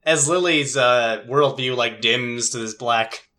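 A woman's voice: very deep voice, slow, fairly bright tone. Chatty woman running a tabletop game. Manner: loose, chatty, many fillers. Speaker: game master.

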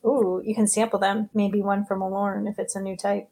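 Woman, tabletop player, relaxed, joking. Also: medium pitch, moderate pace. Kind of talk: casual tabletop play.

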